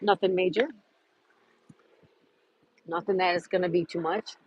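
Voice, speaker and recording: A woman's voice: fairly low pitch, fairly even intonation, a little slow, husky. A woman hosting a casual livestream from outdoors in a park, chatting to viewers, greeting them by name and reading trivia questions aloud. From Florida. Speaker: livestream host.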